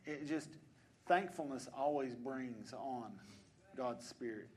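A man, preaching a sermon as pastor of a church, shifting between quiet conversational asides and loud exhortations. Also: mid-range voice, slow pace. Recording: congregation answering in the background. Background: congregation responding.

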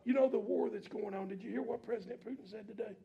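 High-voiced gravelly preacher man. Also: fairly even intonation, quick pace, muffled recording. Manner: builds from low reading to shouted preaching; colloquial preaching with call-and-response. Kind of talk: sermon.

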